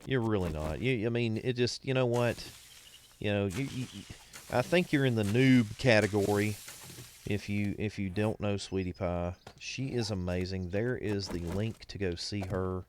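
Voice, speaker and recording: A man's voice: on the low side, normal speed, a little hiss or hum. A man, streaming a game live and chatting to his viewers in a folksy, rambling way, a bit foggy after being ill. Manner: folksy, rambling, sings snatches and laughs at own jokes.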